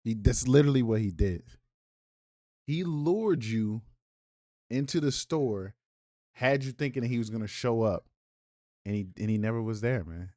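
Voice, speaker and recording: A man's voice: medium pitch, normal speed, pauses often, mellow, no echo, clean studio sound. A man hosting reaction commentary on a clip, mocking and incredulous, then delivering preachy rebukes. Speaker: commentator and host.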